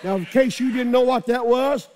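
High-voiced, fiery male preacher. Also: moderate pace, some chatter behind, a little hiss or hum. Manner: fiery preaching with repeated shouted refrains. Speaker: pastor. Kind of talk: sermon.

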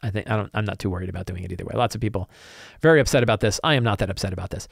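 A man's voice: on the low side, racing, creaky, no room sound, clean studio sound. Chatty, opinionated man hosting a talk show. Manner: chatty and opinionated, with frequent restarts and repeated phrases. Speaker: host of a tabletop RPG talk show. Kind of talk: casual solo commentary.

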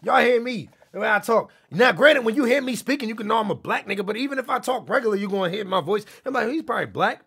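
A young man streaming live and reacting to clips in a loud, animated rant that often breaks into shouting. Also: high-pitched, quick pace, creaky, few pauses, slightly rough. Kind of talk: livestream reaction commentary.

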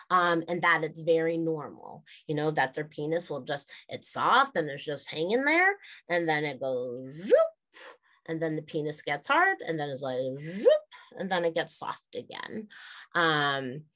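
A woman's voice: low-pitched, animated, normal speed, pushed and bright. A woman health teacher explaining a lesson to parents in a candid, chatty way, laughing at her own jokes.

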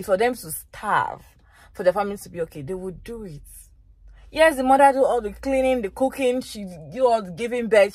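A woman's voice: mid-range voice, dry recording. A woman vlogger giving reaction commentary in an emphatic way, repeating phrases for effect.

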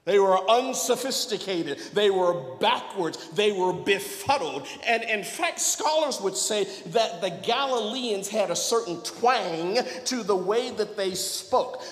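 A male priest giving a sermon in a folksy, joking way, speaking directly to his congregation. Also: high-pitched. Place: large church. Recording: echoey church hall, long reverb.

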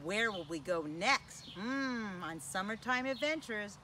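A woman's voice: mid-range voice, animated, takes it slowly, bright, forceful tone, a little hiss or hum. A woman hosting a children's sing-along lesson in a playful, sing-song way, asking young listeners questions. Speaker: children's program host.

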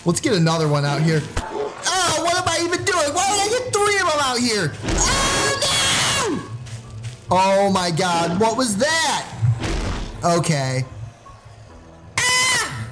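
A man hosting a gaming channel, giving loud, excited gameplay commentary and yelling into his desk mic with sudden high shrieks. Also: moderate pace, poor audio. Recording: music playing behind.

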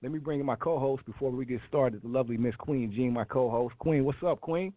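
A man hosting a radio interview show, excitable and prone to repeating himself. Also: mid-range voice, fairly quick, no room sound. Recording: dry tinny phone-like line.

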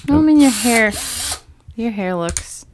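Deadpan dry-witted woman co-host. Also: a little high, slow pace, a little hiss or hum. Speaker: co-host and assistant. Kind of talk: casual chat.

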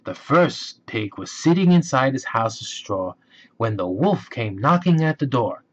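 A man reading a children's storybook aloud, slow and expressive. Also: mid-range voice. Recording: dull lo-fi recording.

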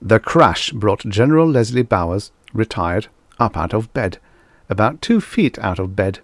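A man reading vintage science fiction stories aloud as an audiobook narrator, in a steady, measured way. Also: fairly low pitch, dry recording.

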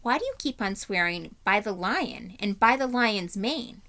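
A woman's voice: mid-range voice, animated, measured pace, sharp tone. A woman doing a blunt, proud young girl.

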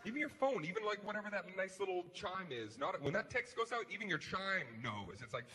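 Animated male stand-up comic. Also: high-pitched, a little fast. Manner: animated, swings between hushed mutters and shouted rants. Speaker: stand-up comedian. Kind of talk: stand-up comedy routine. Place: large comedy venue. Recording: live hall with crowd noise. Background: audience laughter.

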